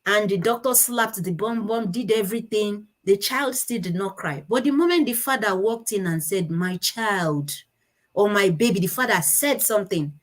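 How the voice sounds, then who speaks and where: A woman giving a conference talk with slides, explaining step by step and stopping to correct herself. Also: mid-range voice. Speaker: conference speaker on child speech disorders.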